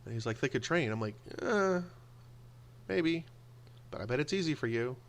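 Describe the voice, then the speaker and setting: A man telling personal stories in a casual monologue, animated and acting out the voices of people he quotes. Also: medium pitch, normal speed. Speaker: video blogger.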